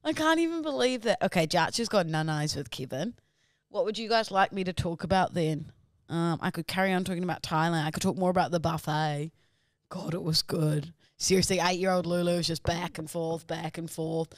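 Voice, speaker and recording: A woman's voice: on the low side, steady tone, fairly quick, dry recording, studio quality. A young woman, co-hosting a podcast in casual chat, giggly and gushing. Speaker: podcast co-host.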